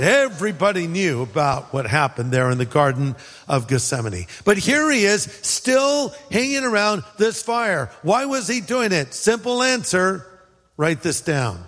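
High-voiced Californian pastor preaching. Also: male voice, fairly bright tone, big-room sound. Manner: conversational preaching with acted-out quotes and humor. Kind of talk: sermon.

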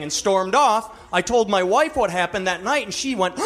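A man performs stand-up comedy in a mocking, animated way, acting out the people in his stories. His voice sits high and swings widely in pitch. A faint noise runs behind him. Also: normal speed, few pauses.

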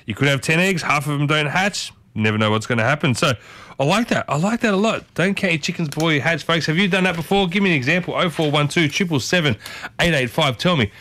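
A man's voice: fairly high pitch, expressive, fast, pushed and bright. A man hosting a morning radio show, chatting casually and playfully, often restarting his sentences. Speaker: radio host. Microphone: studio microphone.

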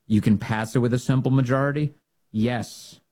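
A man's voice: fairly even intonation, moderate pace. A man hosting a political talk show, delivering commentary in an emphatic, rallying way. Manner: emphatic, rallying, swings to loud high bursts.

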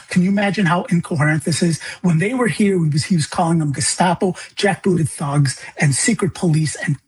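A man's voice: fairly high pitch, a little fast, hardly any pauses, slightly rough. A man from Illinois who is a grieving father, speaking as a guest in a radio interview. He talks with passion, stumbles into restarts, and his voice rises when he gets angry. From Illinois, United States. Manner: impassioned, stammering restarts, voice rising in anger.

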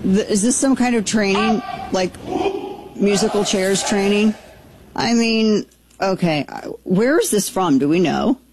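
A woman hosting a talk radio show, reacting with incredulous, quick asides and restarts. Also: mid-range voice, background noise. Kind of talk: casual talk radio commentary. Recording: dry studio sound.

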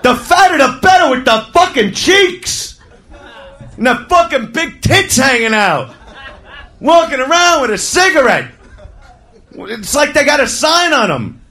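A man doing a loud, crude, rambling stand-up routine. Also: extremely high pitch, sing-song, unhurried, a faint crowd. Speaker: stand-up comedian. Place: comedy stage before a crowd.

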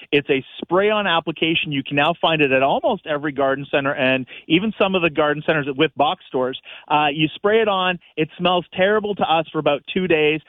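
A man's voice: on the high side, dry recording. A man giving practical, step-by-step gardening advice as a guest on a call-in radio show, heard over a phone line. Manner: practical, upbeat, explains step by step.

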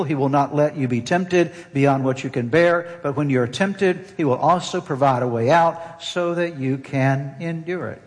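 A pastor preaching a sermon, earnest and emphatic, repeating key phrases for weight. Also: male voice, medium pitch. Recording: long hall reverb.

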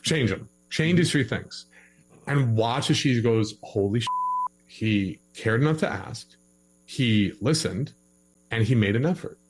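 A man giving relationship advice in a casual podcast conversation, animated and acting out both sides of an argument. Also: mid-range voice, unhurried, soft background music.

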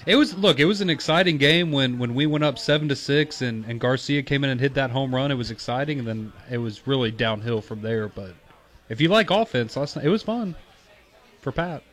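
A man's voice: mid-range voice, lively intonation, fairly quick, a bit bright. A man co-hosting a sports radio show, dry and skeptical in casual chat. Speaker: radio co-host.

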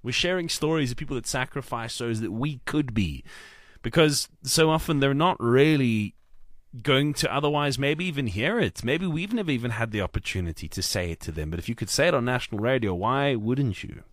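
A man's voice: medium pitch, animated, a little fast, no echo. A man hosting a breakfast radio show, speaking in an upbeat, announcer-like way.

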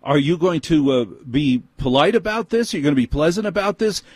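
A man's voice: fairly high pitch, brisk, a little mellow, breathy edge, dry recording, pitched above the performer's own voice. A man mimicking a prissy, condescending male store manager, speaking in a whiny, lecturing tone. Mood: snippy.

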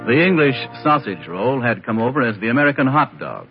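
A man giving measured, wry, literary narration for a radio drama. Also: medium pitch, big pitch swings, music in the background. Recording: lo-fi vintage radio broadcast.

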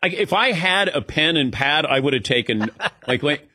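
A man hosting casual talk radio banter, telling animated stories and mimicking other people in quotes. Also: fairly high pitch, moderate pace, husky, no room sound, clean studio sound. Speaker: radio show host.

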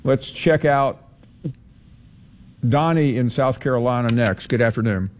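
A man hosting a sports call-in radio show, answering callers in a measured, hedging way with many "uh"s. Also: mid-range voice, slight background noise.

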